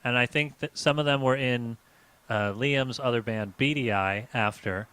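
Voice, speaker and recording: A man's voice: medium pitch, moderate pace, sharp tone, clean tone, dry recording. A man co-hosting a comedy live stream, telling a rambling story in casual chat with lots of fillers. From United States.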